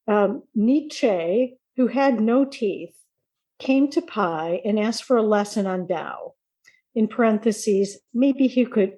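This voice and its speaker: Slow, mellow woman reading aloud. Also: mid-range voice. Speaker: podcast participant reading aloud.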